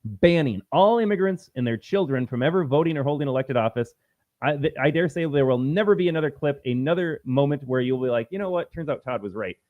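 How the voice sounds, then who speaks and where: Combative male political streamer, lively pitch. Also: no room sound, phone-quality sound. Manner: combative, repetitive, emphatic. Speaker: host. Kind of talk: political commentary livestream.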